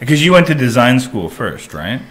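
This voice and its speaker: A man's voice: medium pitch, sing-song, moderate pace, a bit bright. A man hosting an interview, joking around and making fun of his own bad jokes. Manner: jokey, self-deprecating. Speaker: interview host. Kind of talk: casual interview chat.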